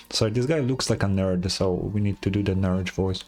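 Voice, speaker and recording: A man's voice: deep voice, a little fast, few pauses, a little mellow. A man streaming a game, making crude, joking asides between voiced lines. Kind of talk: casual game commentary.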